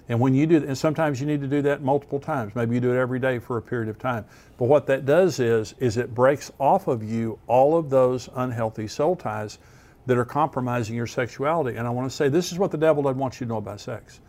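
A man's voice: mid-range voice, fast, darkish tone. Earnest male pastor teaching. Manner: earnest, plain-spoken teaching with restarts. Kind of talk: sermon.

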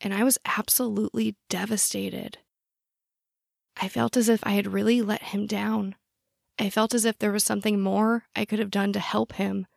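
Woman, scripted true-crime narration, measured and personal, gravelly fry, dry close mic. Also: medium pitch, flat delivery, dry recording.

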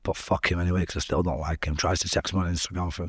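A young man, a podcast guest telling his life story in an animated, swearing, storytelling way. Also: deep voice, fast talker, slightly rough, no room sound, clean studio sound. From Salford, England. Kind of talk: storytelling interview.

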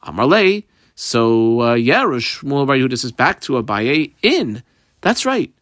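A man's voice: unhurried, dry recording, clean studio sound. Man teaching a Talmud page. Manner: explains step by step, mixing Aramaic readings with English, animated rises in pitch. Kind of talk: daf yomi Talmud lesson.

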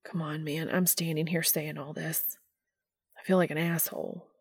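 A woman voicing a gruff, guilt-ridden grieving man who speaks in hushed, strained, near-whispered tones. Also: low-pitched, little pitch movement, moderate pace, no room sound, studio quality. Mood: pleading.

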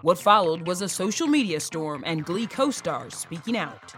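A woman's voice: on the low side, sing-song, moderate pace, fairly bright tone, soft background music. A woman entertainment news anchor reading scripted stories with emphatic delivery.

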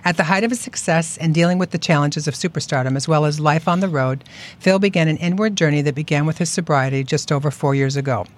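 A woman's voice: sits low, quick pace. A woman from Illinois co-hosting a podcast, bubbly and affirming, reading the guest's introduction. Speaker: podcast co-host. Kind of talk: casual interview chat.

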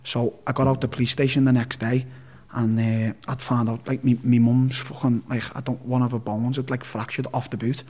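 A man's voice: mid-range voice, level tone, brisk, warm tone. A man with a Liverpool accent, telling a personal story as an interview guest in a blunt, sweary, rambling way. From Liverpool, England. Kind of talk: casual storytelling.

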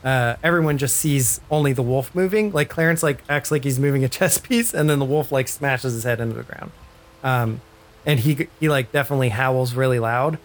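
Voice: medium pitch, a little fast. Rambling tabletop game master. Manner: rambling, many fillers.

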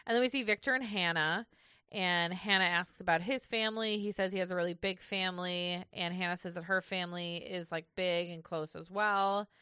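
A woman's voice: lowish voice, steady tone, moderate pace, pushed and bright, clean tone, no echo, clean studio sound. A woman co-hosting a podcast, chatting casually through a recap and laughing easily as she reads from her notes. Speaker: podcast co-host.

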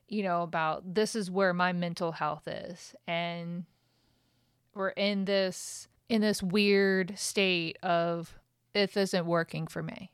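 A woman's voice: fairly low pitch, smooth, no echo, studio quality. A woman hosting a podcast, talking candidly and emotionally in a raw, venting monologue that swears freely. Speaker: podcast host.

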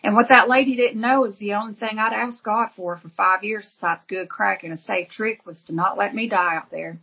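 A woman's voice: medium pitch, fairly even intonation, moderate pace, gravelly, breathy edge, muffled recording. A woman giving an earnest, emotional personal testimony as an interview guest, telling her story vividly.

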